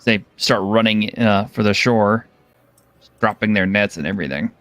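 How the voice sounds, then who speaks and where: A man narrating as game master of a tabletop game, relaxed and chuckling, with lots of fillers. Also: lowish voice, moderate pace, no echo.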